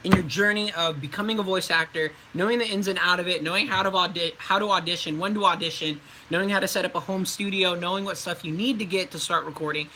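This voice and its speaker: A man's voice: high-pitched, steady tone, fast, few pauses, background noise. A young adult man, a voice actor, giving casual livestream tips in a chatty, loose way, with many fillers and restarts.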